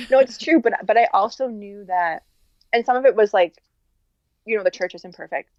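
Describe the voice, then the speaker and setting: A woman guest in a candid personal interview, speaking earnestly in halting restarts and many fillers. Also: medium pitch, darkish tone, muffled recording.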